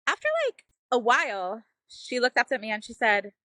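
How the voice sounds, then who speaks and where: A woman's voice: fairly high pitch, normal speed, pushed and bright, no room sound. A woman telling a heartfelt personal story as a mother on a parenting show, earnest and emotional, often saying "like" and "you know.".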